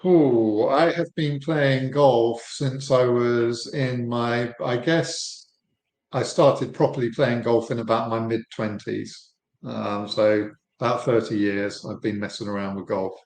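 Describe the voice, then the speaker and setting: A man's voice: medium pitch, fairly even intonation, takes it slowly, darkish tone. English man, 50s, easygoing founder guest, roomy echoey sound. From England. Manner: easygoing, friendly, laughs lightly. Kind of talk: casual interview chat. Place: home room in Florida.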